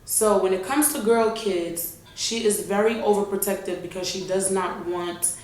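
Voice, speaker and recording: A young woman, telling an animated, slangy storytime vlog straight to her viewers. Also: mid-range voice, moderate pace, a little hiss or hum. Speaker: vlogger. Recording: very echoey room.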